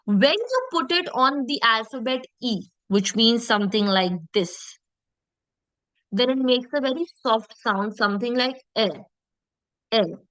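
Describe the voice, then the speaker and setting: A woman teaching French pronunciation in an online lesson, repeating sounds slowly and checking in with her class. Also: fairly high pitch, expressive, fairly bright tone, no echo, low-quality recording.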